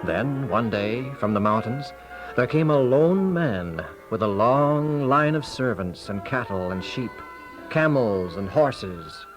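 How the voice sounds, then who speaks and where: Male narrator, lively and dramatic, with clear music underneath. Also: medium pitch. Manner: measured, dramatic. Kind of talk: scripted narration.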